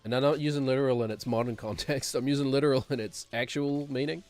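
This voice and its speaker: A man's voice: mid-range voice, fairly even intonation, fast talker, darkish tone, faint music behind. A man streaming a game, rambling and sarcastic, chuckling as he talks. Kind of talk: casual gameplay commentary.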